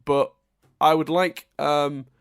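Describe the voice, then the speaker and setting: A man co-hosting a podcast, chatting casually in an animated, self-mocking way. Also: on the high side, takes it slowly, vocal fry, smooth. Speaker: podcast co-host. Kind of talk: casual chat.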